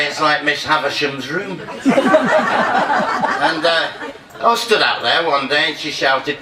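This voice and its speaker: A lively man with a fairly high voice performs a rambling stand-up set, forever asking where he was and teasing the audience. He is picked up from a distance in an echoey hall, with a loud crowd ambience behind him. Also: a little slow, long pauses, heavy background noise. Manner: rambling, keeps losing his place, banters with the crowd. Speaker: comedian performing at a reunion. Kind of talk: live stand-up comedy monologue. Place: hall at a treatment centre reunion, live audience.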